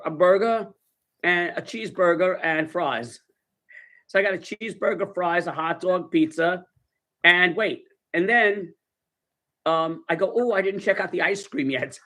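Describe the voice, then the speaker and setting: High-voiced New York man telling a story. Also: a bit bright. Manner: rambling, chatty, swears casually, says "right?" often. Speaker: storyteller in a played video. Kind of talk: relaxed ASMR storytelling.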